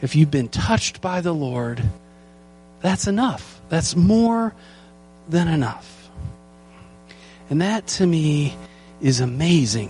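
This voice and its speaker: A man teaching a Bible passage in an earnest sermon, slowing down to stress the key lines. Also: a little high, a little mellow, slight background noise. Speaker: pastor teaching a Bible study.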